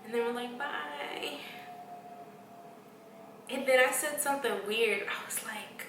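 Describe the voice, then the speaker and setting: A woman's voice: fairly high pitch, a little fast, fairly bright tone, roomy sound, distant mic, slight background noise. A woman vlogger telling a story in casual talk, blunt and profane, acting out what people said to her. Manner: blunt, profane, acts out quoted exchanges.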